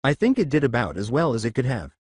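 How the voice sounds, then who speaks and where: A man's voice: medium pitch, big pitch swings, fast talker, husky, dry recording, clean studio sound. A man voicing a blunt former soldier turned teacher, curt and matter-of-fact.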